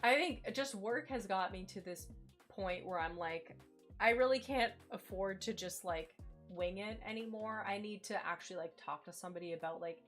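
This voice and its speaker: A woman's voice: mid-range voice, normal speed, fairly bright tone. A woman chatting candidly with her live-stream viewers while playing a game, filling her talk with "like". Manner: chatty and candid, fillers like "like" everywhere, greets chat. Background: faint game music.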